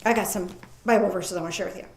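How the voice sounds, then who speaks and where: A woman preaching a sermon in a lively, folksy way, reading scripture aloud slowly and commenting with casual asides. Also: mid-range voice, creaky, slight background noise. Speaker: pastor. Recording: echoey room.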